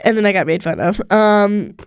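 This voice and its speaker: A young woman chats casually on a podcast, her sentences loose and full of "like" fillers. Her voice sits at an ordinary middle pitch for a woman. The sound is dry and close, with no echo from the room. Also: expressive, moderate pace, clear, resonant tone. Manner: chatty, with many "like" fillers. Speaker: co-host. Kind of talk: casual chat. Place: radio studio.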